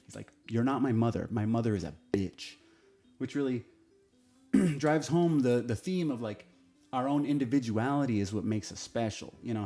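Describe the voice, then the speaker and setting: A man's voice: mid-range voice, dark tone. A man giving a casual, opinionated TV review, speaking bluntly and swearing freely. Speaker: TV show reviewer.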